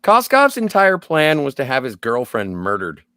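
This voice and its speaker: Lively-voiced man chiming in on a podcast. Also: medium pitch, moderate pace, clear, resonant tone. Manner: interjects opinions and corrections. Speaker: podcast co-host. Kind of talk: casual film discussion.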